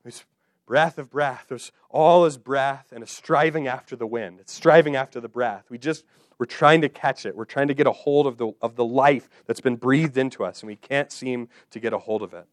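Male preacher, mid pitch, dry close sound, repetitive building cadence. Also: normal speed, no echo. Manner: repetitive, rhythmic phrasing that builds and settles. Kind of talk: expository sermon.

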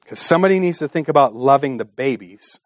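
Speaking fast and animatedly at medium pitch, this male pastor delivers a passionate sermon full of rhetorical questions, alternating quiet stretches with loud ones. The recording is dry.

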